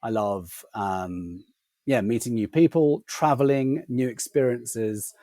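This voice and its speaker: A man with a non-rhotic accent that drops his R's, a podcast guest telling a casual, animated story. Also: mid-range voice, slow, no echo. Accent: non-rhotic English, drops R sounds. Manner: animated, laughing anecdote teller.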